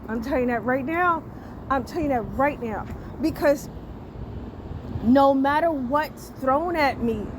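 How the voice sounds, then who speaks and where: Woman, high voice, podcast host, candid casual monologue, outdoors, traffic noise. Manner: candid, repeats "you understand?" often.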